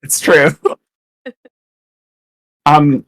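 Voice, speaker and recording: Unhurried, mid-pitched player; sheepish narration in improv role-play. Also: flat delivery, a bit bright, poor audio.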